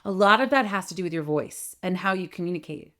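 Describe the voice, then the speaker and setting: A middle-aged woman voice coach giving an animated talk to camera, often checking in with "right?" and demonstrating vocal changes as she goes. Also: on the low side, quick pace.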